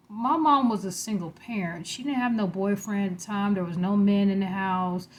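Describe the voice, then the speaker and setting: A young adult woman casually telling a frightening personal story, growing animated and louder when alarmed. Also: moderate pace, hardly any pauses. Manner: animated, rising in pitch and loudness when alarmed.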